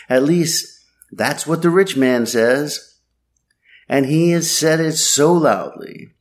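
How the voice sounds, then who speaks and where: A man preaching a sermon in a wry, sardonic way, with dramatic pauses. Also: medium pitch.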